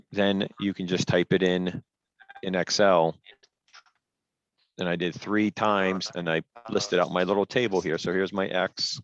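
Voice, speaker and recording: Male instructor, lowish voice, patient and emphatic, teaching over a headset on dull, lo-fi call audio. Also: slight background noise. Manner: patient, step-by-step, emphatic on rules. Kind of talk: online class lecture.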